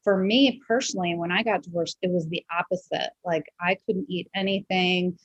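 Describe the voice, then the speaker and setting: A woman's voice: lowish voice, steady tone, moderate pace, slightly rough, dry recording, muffled recording. A woman hosting a podcast interview, talking in a reflective, conversational way with many fillers. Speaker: podcast host. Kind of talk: casual interview chat.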